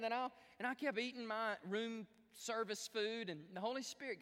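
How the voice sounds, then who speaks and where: A man preaching a sermon and telling a story, speaking straight to his congregation in an animated way. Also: high-pitched, a little fast, in a large hall. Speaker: pastor.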